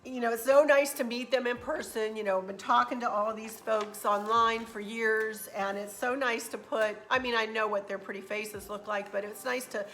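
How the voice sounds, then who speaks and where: Bright-voiced chatty woman vlogger. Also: fairly high pitch, steady tone, normal speed, hardly any pauses. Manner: chatty, rambling storyteller, gets emotional. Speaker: craft channel host. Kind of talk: casual travel recap vlog.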